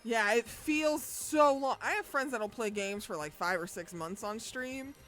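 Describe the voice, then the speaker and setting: A young adult woman streaming games live, chatting casually with viewers, bubbly and quick to swear and laugh. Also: on the high side, fairly bright tone, soft background music. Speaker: game streamer.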